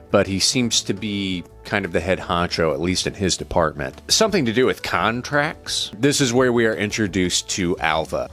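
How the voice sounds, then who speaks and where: Low-voiced man giving an irreverent movie recap. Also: fairly bright tone. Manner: irreverent, blunt, uses mild swearing. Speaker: movie reviewer.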